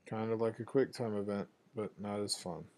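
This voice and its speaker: A man's voice: lowish voice, fairly even intonation, moderate pace, darkish tone. A man streaming a video game and telling a loose, profane anecdote in casual talk. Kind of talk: casual rambling anecdote over gameplay.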